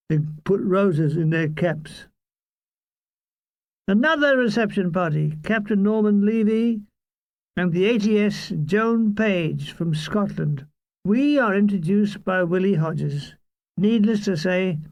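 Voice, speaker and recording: Older male author reading his memoir, deadpan and wry, unhurried, high-pitched voice. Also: no echo. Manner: wry, deadpan comic delivery. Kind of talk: audiobook memoir narration.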